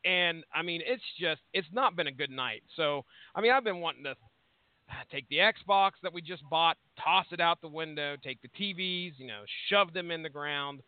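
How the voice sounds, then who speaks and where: A high-pitched man in his thirties, talking in a loose, rambling way and cursing often. He comes through a thin, phone-like line with no room sound at all. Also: moderate pace, smooth, no room sound. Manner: rambling, swears freely. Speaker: podcast co-host. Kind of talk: casual profane chat. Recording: tinny phone-like line, dry.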